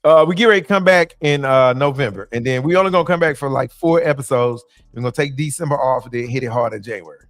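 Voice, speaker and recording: A man's voice: mid-range voice, quick pace, hardly any pauses, no echo, clean studio sound. A man speaking as a comedian guest on a podcast, laid-back and joking, with lots of fillers and restarts. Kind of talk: casual podcast chat.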